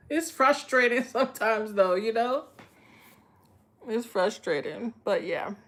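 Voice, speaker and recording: A woman's voice: a little high, lively intonation, slow pace, fairly bright tone. A woman, giving a live-stream tarot reading in a blunt, profane, streetwise way. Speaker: tarot reader.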